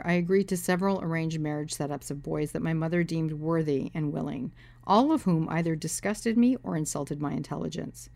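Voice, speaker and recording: Low-voiced woman author, wry. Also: a little fast, gravelly, warm tone, soft background music. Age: 30s. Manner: dry, wry storytelling. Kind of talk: memoir talk and reading from her novel.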